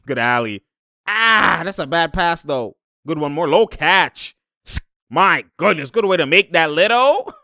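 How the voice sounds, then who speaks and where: A young man reacts to basketball footage in a casual, slangy commentary, getting excited, laughing often, and slipping into high mimicking voices. He speaks at an unhurried pace, and the studio-quality audio has no echo.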